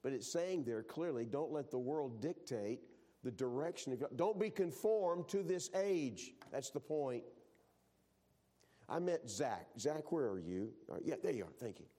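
A man's voice: mid-range voice, dark tone. A man from Texas preaching a sermon as a pastor, talking in a conversational way and often restarting his phrases.

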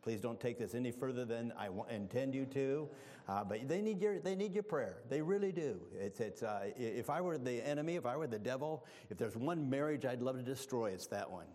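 A man's voice: mid-range voice, expressive, fairly quick, darkish tone, big-room sound. A man preaching as a visiting evangelist, telling folksy stories with humor and praying fervently in a church sanctuary. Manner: fervent prayer. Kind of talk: sermon.

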